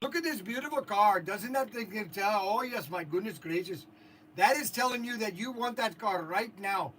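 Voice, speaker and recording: A man's voice: sits high, animated, moderate pace, a bit bright, slight background noise. A man doing a gushing salesman in a put-on Indian accent. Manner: gushing, repetitive sales patter. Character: eager male salesman hawking a flash sale. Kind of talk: mock livestream sales pitch.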